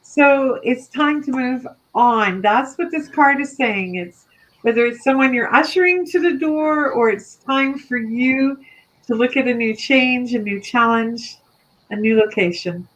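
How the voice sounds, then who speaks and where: Gentle woman giving card advice. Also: on the high side, unhurried, low-quality recording. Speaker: psychic card reader. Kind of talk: live online card reading.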